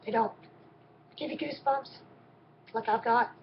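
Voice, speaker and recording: A woman's voice: a little high, fairly even intonation, normal speed, muffled recording, a little hiss or hum. A woman gives an emotional personal faith testimony, often stopping and repeating her words. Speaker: storyteller.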